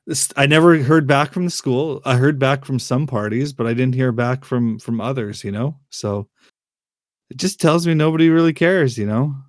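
Man, casual podcast chat, frequent laughs, halting restarts, dry sound, middle pitch. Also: no room sound. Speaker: podcast host.

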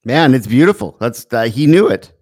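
A man's voice: mid-range voice, expressive, moderate pace, a little mellow. A man co-hosting a casual chat, trading wry, teasing quips. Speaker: podcast co-host.

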